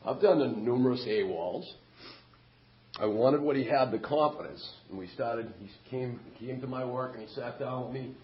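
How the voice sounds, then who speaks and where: A man's voice: medium pitch, moderate pace, lo-fi sound, slight background noise. A middle-aged man telling his story at a recovery meeting, candid and self-mocking. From Massachusetts, USA. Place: meeting hall.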